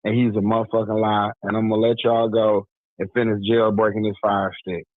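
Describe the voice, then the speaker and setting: A man's voice: fairly low pitch, flat delivery, brisk, dry recording. A man from Milwaukee calling in to a radio show, ranting angrily and swearing. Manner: angry, profane rant. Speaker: caller. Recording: tinny phone line.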